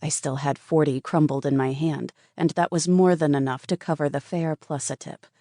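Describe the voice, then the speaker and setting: A woman's voice: low voice, fairly even intonation, moderate pace, mellow, no echo, studio quality. A woman narrating a first-person romance audiobook in an earnest, intimate way.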